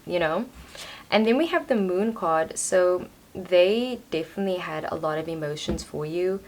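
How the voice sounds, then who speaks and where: A woman's voice: on the low side, a little slow. Chatty young woman reading tarot cards. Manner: chatty, filler-heavy, lots of "like" and "you know". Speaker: tarot reader. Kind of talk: casual tarot reading to camera. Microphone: camera on a tripod.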